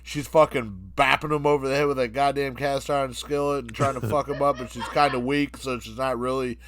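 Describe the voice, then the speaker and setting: A man's voice: mid-range voice, steady tone, brisk, background noise. A man co-hosting a podcast, giving laid-back, crude play-by-play. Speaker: podcast co-host. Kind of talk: casual podcast banter.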